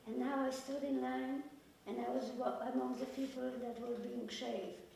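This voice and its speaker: An older woman from Poland giving a personal survivor's testimony, speaking quietly and gravely, pausing and repeating her phrases. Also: sits high, level tone, a little hiss or hum. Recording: very echoey room, voice from far off.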